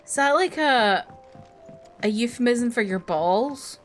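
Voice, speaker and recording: Cheeky slow-talking woman streamer. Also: fairly high pitch, expressive, soft background music. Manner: cheeky, chatty, laughs and swears freely. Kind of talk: casual gameplay commentary.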